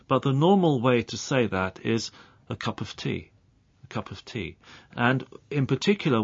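A man explaining English pronunciation as a radio guest, speaking clearly and carefully and saying example sounds out slowly. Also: medium pitch, no echo. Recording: dull lo-fi broadcast audio.

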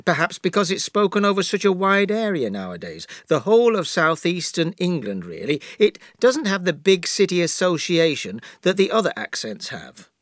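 A man with a Yorkshire accent, a professor answering questions as a guest in a scripted interview, explaining in a measured way. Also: sits high, sing-song, dry recording, studio quality. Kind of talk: scripted listening-exercise interview.

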